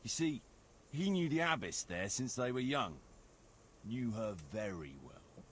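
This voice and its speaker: A bitter noble knight, tells his family's troubles with dry, sardonic bluntness. His voice sits at an ordinary middle pitch. A faint hiss lies under this video game dialogue. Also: very animated, unhurried. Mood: wry. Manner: wry, sardonic storytelling.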